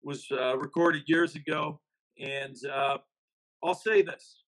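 A man's voice: fairly high pitch, fairly even intonation, slow pace, fairly bright tone, poor audio. A man, an investigative reporter and author, talking emphatically as a podcast guest. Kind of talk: casual podcast interview.

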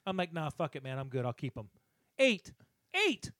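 A man co-hosting a podcast, telling a profane, animated story in a casual rant and voicing the people in it. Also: medium pitch, fast, dry recording. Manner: animated, profane, acts out other people's lines. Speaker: podcast co-host.

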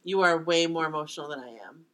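A woman co-hosting a casual talk show, calm and supportive, with a dry, unemotional manner. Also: low voice, fast talker, slight background noise. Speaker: podcast co-host. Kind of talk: casual chat.

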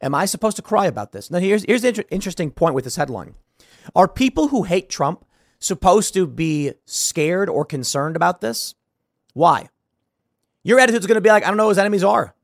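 A man's voice: high-pitched, very animated, moderate pace, dry recording, studio quality. A man hosting a solo political commentary show, sarcastic and combative, firing off rhetorical questions.

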